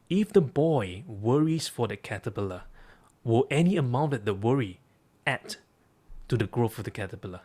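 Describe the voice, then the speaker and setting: A man, a coach, telling a story and drawing lessons from it with emphatic repeated phrases. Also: medium pitch. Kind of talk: storytelling talk.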